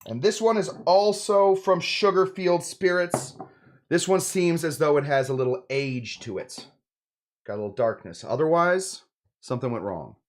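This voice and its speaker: A man's voice: on the high side, animated, normal speed. A man hosting a casual cocktail-making demonstration, joking and rambling with lots of asides. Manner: joking, rambling, self-interrupting. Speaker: host of a cocktail channel.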